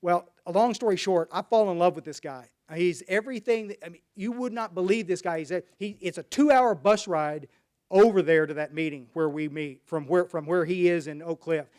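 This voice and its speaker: A man's voice: high-pitched, brisk, a little mellow. A man from Dallas, Texas, telling his personal recovery story at a meeting in a folksy, rambling way with many restarts.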